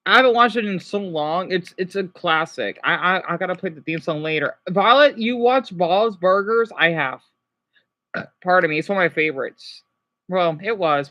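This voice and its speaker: In a muffled recording, a high-voiced male YouTuber chats on a livestream and responds to viewers. He's excitable and meandering, often starting over and exclaiming.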